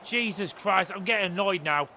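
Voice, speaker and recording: A gaming host doing let's-play commentary, excitable and swearing as they rant at the game. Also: medium pitch, normal speed, a little hiss or hum.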